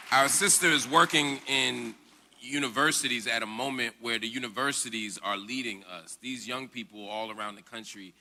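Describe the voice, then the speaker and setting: Male presenter, formal award introduction; earnest, measured, sharp and forceful tone. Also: medium pitch, slight background noise. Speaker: event presenter.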